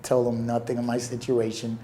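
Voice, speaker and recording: A young man telling a personal story in an interview, earnest and emotional, with halting pauses. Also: medium pitch, monotone, mellow, slight background noise.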